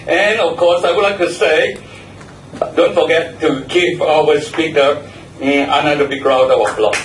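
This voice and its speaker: A man evaluates the speakers at a club meeting, repeating words and spelling some out. His voice sits a little high for a man. He is picked up from across an echoey room, with faint noise behind. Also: a little slow. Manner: repeats and spells out words, gives warm feedback. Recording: echoey room, mic far off.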